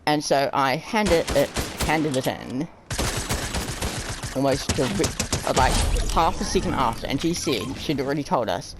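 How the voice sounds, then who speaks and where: A man's voice: a little slow, background noise. A young man telling stories from his school days in a casual, rambling way, full of fillers, acting out the people he quotes. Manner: animated, jumps high and low for quoted people. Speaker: storyteller. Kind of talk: casual storytime narration.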